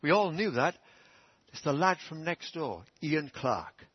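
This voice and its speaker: A man's voice: a little high, very animated, a little slow, breathy edge, dry recording. A middle-aged man preaching a sermon through humorous, self-deprecating family stories. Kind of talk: storytelling sermon. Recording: dull dry church sermon recording.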